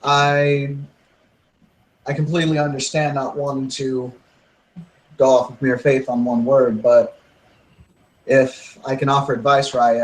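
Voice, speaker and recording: A man's voice: mid-range voice, darkish tone, echoey room, lightly acted, rough recording. A man voicing an earnest, helpful male werewolf in a tabletop game, speaking politely and with some hesitation.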